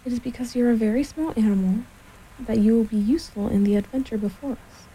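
A woman voicing a fussy, bossy male rabbit who speaks slowly and carefully. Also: a little high, warm tone, husky, rough recording. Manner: slow, careful, self-important.

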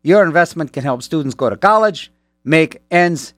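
A man's voice: on the high side, expressive, moderate pace, a bit bright, no echo, clean studio sound. A man doing a goofy, dim-witted cartoon moose voice while reading an ad.

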